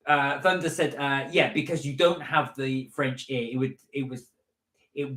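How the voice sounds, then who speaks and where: A man from England co-hosts a casual live stream in a mid-range voice. He reads out viewer messages briskly and adds his own chat. His voice echoes around a bare room. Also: medium pitch, a bit bright. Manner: reads chat messages aloud, quick and light. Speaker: co-host reading viewer comments.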